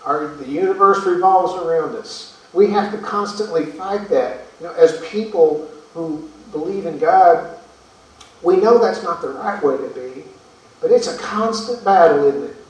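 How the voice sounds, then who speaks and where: A man's voice: a little high, measured pace. A man preaching a sermon in earnest tones, asking rhetorical questions and repeating words as he goes. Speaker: pastor. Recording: echoey room from far off.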